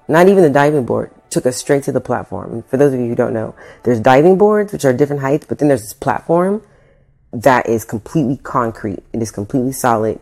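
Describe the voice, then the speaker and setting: A woman's voice: rumbling low, a little mellow. A woman vlogging, telling a story in a casual, slangy way with swearing and acted-out quotes.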